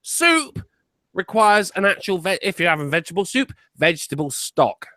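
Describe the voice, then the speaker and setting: A man's voice: high-pitched, big pitch swings, moderate pace, sharp tone, no echo, clean studio sound. A drunk man, a guest on a casual stream, teasing and swearing with frequent laughs.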